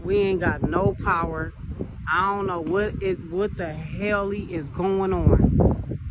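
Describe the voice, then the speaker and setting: Slow stunned man in loud outdoor wind. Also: high-pitched, fairly even intonation, muffled recording. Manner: slow, stunned, swearing in disbelief. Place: outdoors on a street. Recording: windy, noisy outdoor phone video with traffic.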